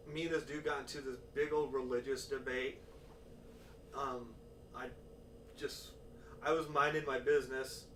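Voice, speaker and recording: Profane man telling stories in a roomy room. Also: medium pitch. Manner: profane, animated storyteller acting out quotes. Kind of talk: casual storytelling chat. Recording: roomy, distant mic with faint noise.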